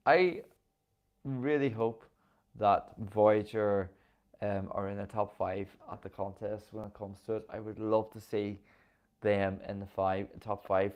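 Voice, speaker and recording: Man, Northern Irish accent, low-pitched, casual host chat, keen, filler-heavy. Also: steady tone, a little slow, lo-fi sound. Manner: enthusiastic and chatty, with frequent ums.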